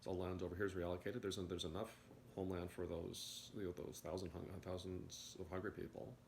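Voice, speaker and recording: A man with a very low voice talks quickly through a rambling morning commentary, stumbling and repeating words as he restarts his thoughts. The sound is roomy and echoey, with a faint hiss underneath. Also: little pitch movement, vocal fry. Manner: halting, stammers and repeats words. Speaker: video commentator.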